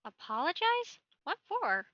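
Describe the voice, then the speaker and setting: A man's voice: very high voice, wildly swooping pitch, measured pace, no room sound, dull audio, pitched above the performer's own voice, full character voice. A man voicing an anxious young boy on the run, with alarmed, questioning lines. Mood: confused.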